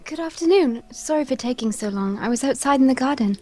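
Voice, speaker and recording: A woman voicing a gentle polite young woman. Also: high-pitched, lively intonation, brisk, faint music behind. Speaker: co-player voicing characters. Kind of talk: casual visual novel read-along.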